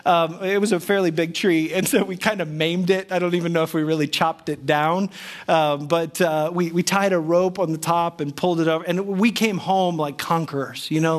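A middle-aged male pastor gives a sermon through a personal story, his voice sitting a little high. He is chatty and self-deprecating, and he acts out the lines of the people in his tale.

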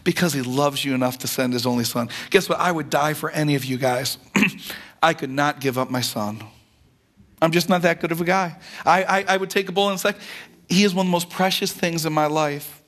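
A middle-aged male pastor preaching from the pulpit with a notably high-pitched voice. He talks in an earnest, conversational way, and he often restarts and repeats words mid-sentence. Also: brisk, fairly bright tone. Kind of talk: sermon.

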